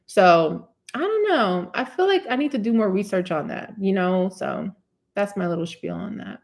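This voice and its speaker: A woman's voice: mid-range voice, animated, normal speed, creaky. A woman from New Jersey with a New Jersey accent, hosting a live hair care Q&A in a chatty style full of "you know what I'm saying". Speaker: curly hair care host answering live questions. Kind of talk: live Q&A chat. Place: indoors, live stream.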